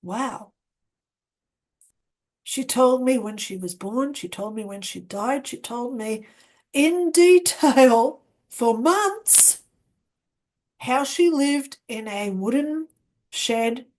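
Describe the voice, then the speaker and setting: Woman, slow earnest storyteller, slightly high voice, re-enacts remembered dialogue. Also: a little mellow. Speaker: near-death experience guest. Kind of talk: personal storytelling. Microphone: webcam setup with ring light.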